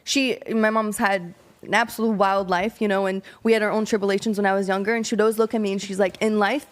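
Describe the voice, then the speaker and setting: A young woman co-hosting a podcast, speaking quickly and earnestly in casual chat. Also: mid-range voice, flat delivery. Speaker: podcast co-host.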